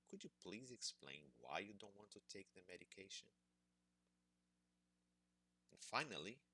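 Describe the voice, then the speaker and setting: A man giving an instructional presentation as an English exam prep teacher, measured and explanatory, stressing key words. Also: low-pitched, a bit bright, no echo.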